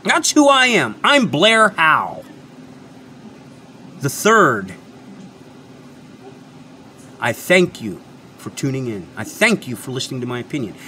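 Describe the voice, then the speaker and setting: A man with a mid-range, sing-song voice speaks slowly, leaving long pauses, his tone pushed and bright over a faint hiss or hum. He hosts his own channel and reviews products, lecturing viewers in an unscripted ranting monologue. Emphatic and repetitive, he swears freely.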